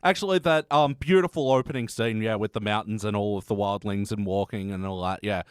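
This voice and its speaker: A man's voice: fairly low pitch, a little fast, clear, resonant tone, no echo, studio quality. A man co-hosting a podcast in casual chat, wry, chuckling and fond of puns. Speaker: podcast co-host.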